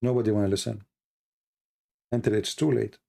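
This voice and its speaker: A man hosting a livestream in non-native, broken English, talking emphatically with lots of "you know" and repeated words, and rising higher and more heated when he mocks his critics. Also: fairly even intonation, fairly quick, creaky, warm tone. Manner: emphatic, grows heated and high-pitched when mocking critics. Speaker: livestream host. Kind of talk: casual spoken monologue.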